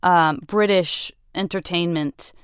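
A woman hosting a podcast, asking animated, rambling questions in casual chat. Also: fairly low pitch, slow pace, clean tone, dry recording, studio quality. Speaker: podcast host.

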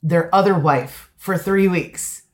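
Low-voiced chatty woman guest. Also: slow pace. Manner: chatty, enthusiastic, rambling storyteller. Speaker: guest contestant. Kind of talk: casual chat.

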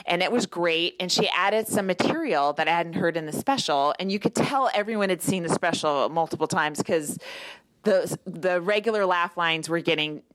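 A woman's voice: lowish voice, moderate pace, a bit bright, dry recording, rough recording. A woman co-hosting a podcast in casual chat, telling stories in restarts and asides, out of breath, recorded in a hotel room. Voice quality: rambling, self-interrupting storyteller. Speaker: podcast co-host.

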